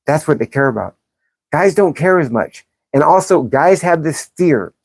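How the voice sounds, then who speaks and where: Sitting low and speaking at normal speed, this woman's voice is expressive, creaky, husky, and darkish, with no echo. Hosting a livestream, she reads chat comments and answers with combative, profane sarcasm, calling out commenters.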